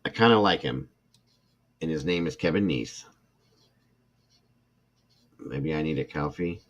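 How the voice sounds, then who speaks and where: A middle-aged man with a bass voice speaks a little slowly, and the audio is dull. Hosting a true crime livestream, he reads a report aloud, reacting with emotion and irritation while talking to chat viewers by name.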